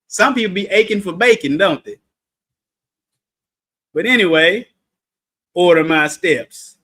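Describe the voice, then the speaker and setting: A man leading a livestreamed Bible study in a playful, animated way, breaking into sudden shouts for emphasis and calling on listeners. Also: sits high, measured pace, pauses often.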